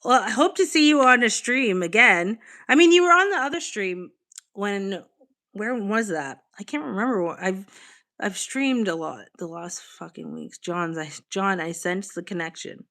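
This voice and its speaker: A woman with a mid-range voice hosts a relaxed livestream. She reads viewers' messages aloud and answers them in an easygoing, candid way, with the odd casual swear. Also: medium pitch, normal speed. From Boston, United States. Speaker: livestream host. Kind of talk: casual livestream chat, reading comments aloud.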